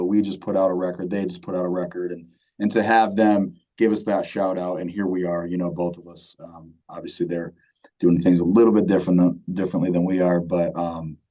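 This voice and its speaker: A man in his thirties with a very low, mellow voice, talking in a relaxed, rambling way. He fills his sentences with "um" and "you know" and keeps repeating himself as he chats casually. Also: low-quality recording. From Michigan, USA. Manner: laid-back, many fillers and repeats, says "man" often. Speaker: band vocalist, guest. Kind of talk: casual interview chat.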